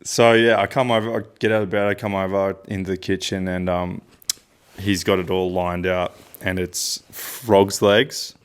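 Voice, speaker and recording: Young aussie guy rambling thru a story, lowish voice, lots of ums. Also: level tone, normal speed, clear, resonant tone. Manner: rambling storyteller, many fillers. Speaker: podcast co-host. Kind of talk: casual chat.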